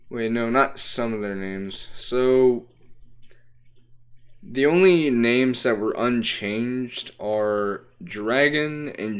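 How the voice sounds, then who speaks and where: A young man with a lowish, clear and resonant voice chats casually on a livestream. He holds toys up to the camera and explains them in a rambling, hesitant way full of ums.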